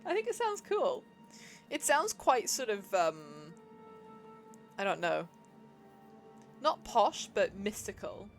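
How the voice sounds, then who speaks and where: A woman's voice: medium pitch, huge pitch swings, takes it slowly, pauses often, soft background music. A chatty, giggly woman, musing aloud as she streams herself playing a game. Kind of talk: casual live-stream chat while gaming.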